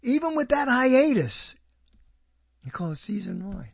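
A man's voice: extremely high pitch, big pitch swings, a little slow, vocal fry, breathy edge, no echo. A man rambling in casual commentary, sarcastic and wandering, often breaking off his own sentences. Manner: sarcastic, wandering, self-interrupting. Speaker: video host reviewing TV listings.

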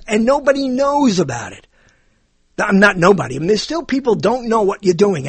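A male talk show host in a loose, rambling monologue, self-deprecating and hopping from topic to topic. His voice sits high, with pitch swinging widely. It is a little husky and sounds dry. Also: no echo.

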